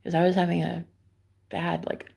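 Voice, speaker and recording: A young adult woman live streaming a rambling, confiding monologue, dropping to whispers and then rising to loud, profane exclamations. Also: on the low side, monotone, normal speed, vocal fry, husky. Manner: swings between hushed whispers and loud exclamations.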